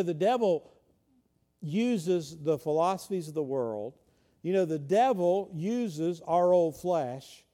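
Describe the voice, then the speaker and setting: Male preacher, high but mellow voice, chatty sermon delivery. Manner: conversational, frequent rhetorical questions, swings from loud to hushed. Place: church.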